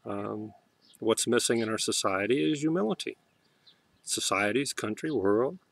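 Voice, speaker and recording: Soft-spoken man, emotional and halting. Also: fairly low pitch, expressive, gravelly. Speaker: vlogger. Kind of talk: heartfelt spiritual monologue.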